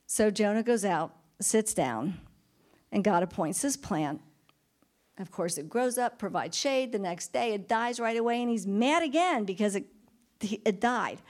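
Woman, Bible study leader, casual and talkative, lots of "like" and "I mean", quick laughs. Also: mid-range voice, lively intonation, a little mellow. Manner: chatty, thinks aloud with fillers; laughs often while retelling. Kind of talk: informal Bible teaching.

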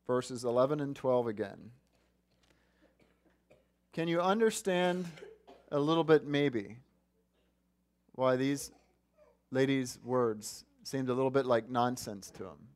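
A man's voice: medium pitch, slow, pauses often. A man preaching a sermon, earnest and asking his listeners questions. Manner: earnest, asks the congregation questions. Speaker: pastor.

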